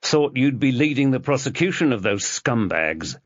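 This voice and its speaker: A man's voice: mid-range voice, big pitch swings, moderate pace, no echo, pitched above the performer's own voice. A man voicing a tense detective and protective husband who talks tersely, in a dull lo-fi recording.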